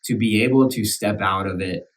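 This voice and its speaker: A man with a country accent talks casually on a church podcast. His voice sits very low, and he circles back over his words with fillers and restarts. He is recorded at a slight distance from the mic. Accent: rural American country. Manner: halting, many restarts and fillers, earnest. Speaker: minister back from sabbatical.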